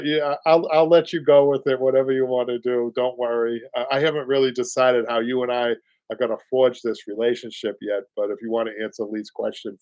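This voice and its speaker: A late-fifties man with a Boston accent chats his way through a live upholstery broadcast, rambling casually and peppering his talk with fillers and little laughs. His voice sits at medium pitch, with no room sound.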